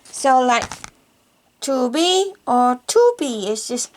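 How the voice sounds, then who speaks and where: A woman's voice: high-pitched, animated, takes it slowly, a little hiss or hum. A woman from Vietnam speaking English with a Vietnamese accent, a learner who asks careful questions and repeats words while she thinks. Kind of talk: casual lesson chat.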